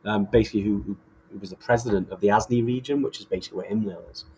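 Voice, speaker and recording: A man's voice: fairly low pitch, very fast, a little mellow, a little hiss or hum. A man co-hosting a podcast in casual chat, enthusiastic and rambling with many restarts. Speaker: podcast co-host.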